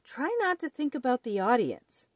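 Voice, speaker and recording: Kind older owl teacher from a picture book, read by a woman, lively pitch, dry close sound. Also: normal speed, no room sound. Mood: encouraging.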